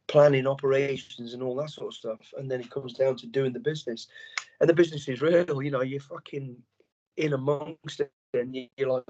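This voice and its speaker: A man's voice: mid-range voice, dull audio. A middle-aged man, a former soldier telling stories as a podcast guest, blunt and full of swearing. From England. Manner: blunt, heavy swearing, animated storytelling. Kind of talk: casual interview chat.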